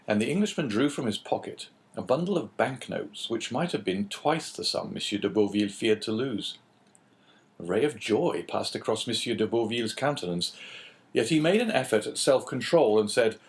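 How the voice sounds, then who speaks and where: A man reading a classic novel aloud as an audiobook narrator, in an even, lowered voice. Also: brisk. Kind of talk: scripted narration.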